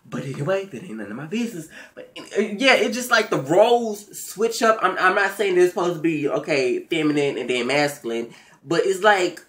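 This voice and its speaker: Man vlogger, sassy and profane, casual TV recap rant with swooping pitch. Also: lively intonation, a little fast, fairly bright tone. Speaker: vlogger recapping a reality show.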